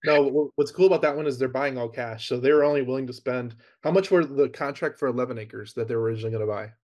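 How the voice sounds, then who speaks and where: Male host, casual business talk, mid-pitched voice, upbeat explainer. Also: fast, darkish tone.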